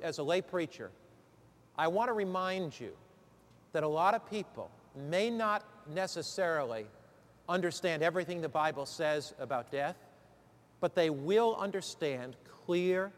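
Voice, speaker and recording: A man's voice: fairly high pitch, big-room sound. A man teaching lay preachers in an emphatic sermon style, drawing answers from his listeners. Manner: emphatic, calls for answers from the room.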